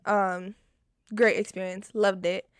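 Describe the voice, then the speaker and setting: A young woman vlogger telling a storytime in casual, expressive chat, often swearing. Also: mid-range voice, slow pace, smooth, no echo, clean studio sound. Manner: animated, expressive and profane.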